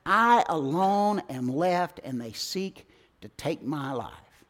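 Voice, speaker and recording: A worn-out prophet pleading his case , as a preacher voices him in a sermon. He sounds earnest and a little high. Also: brisk, natural voice. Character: weary, complaining male prophet.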